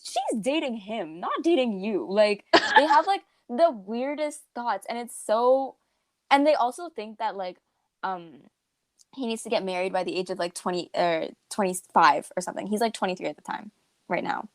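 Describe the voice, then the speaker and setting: A woman's voice: medium pitch, moderate pace, dry recording. Young woman co-hosting a podcast, rambling casual talk, dry close mic. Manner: rambling, filler-heavy, restarts often. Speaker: podcast co-host. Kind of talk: casual chat.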